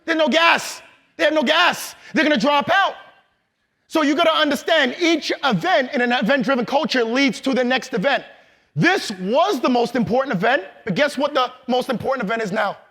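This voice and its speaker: A man giving a loud, hyped motivational training talk to a live audience in a large event hall, calling on the crowd and laughing. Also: very high-pitched. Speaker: motivational speaker.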